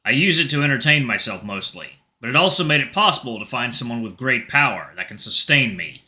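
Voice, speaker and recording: A man voicing a smug, seductive male demon who speaks low, almost in a whisper, in a game reading. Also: expressive, brisk, pushed and bright.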